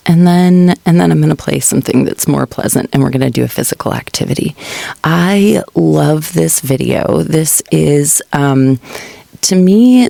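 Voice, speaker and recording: Slow talking radio host, kinda gravelly, thinks out loud with lots of ums, dry studio mic. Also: medium pitch, no echo. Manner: unhurried, thoughtful, many fillers. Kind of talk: relaxed meditation-show talk.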